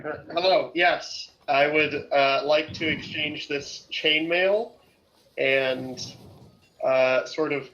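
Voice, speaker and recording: A man's voice: fairly high pitch, slow pace, a bit bright, muffled recording. A man playing in a tabletop game, playful and hesitant with fillers. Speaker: player. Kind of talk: tabletop role-play.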